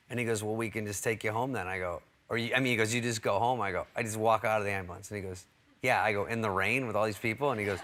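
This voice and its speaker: A man telling comic stories as a talk show guest, acting out the voices of people in them. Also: on the low side. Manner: animated, acts out quoted voices. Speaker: guest comedian.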